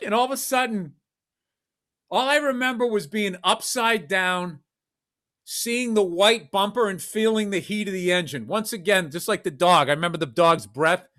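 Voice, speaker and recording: A middle-aged man co-hosting a podcast, telling animated, profane childhood stories in casual chat. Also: high-pitched, normal speed. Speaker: podcast co-host.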